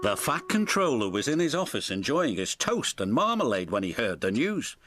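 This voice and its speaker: A man narrating a children's storybook in a gentle, expressive read-aloud manner. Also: medium pitch, normal speed, no room sound, soft background music.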